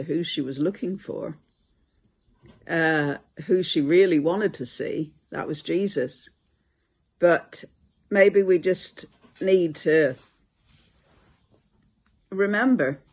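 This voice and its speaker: A Bible teacher giving a reflective devotional video talk, unhurried with many hesitations. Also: mid-range voice, slightly rough.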